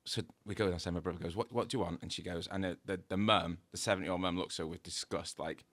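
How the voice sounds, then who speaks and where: Bright-voiced man telling stories. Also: sits low, fast talker, no room sound. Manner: lively storyteller, acts out dialogue, laughs often. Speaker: guest, tattoo artist. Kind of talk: casual anecdote-telling.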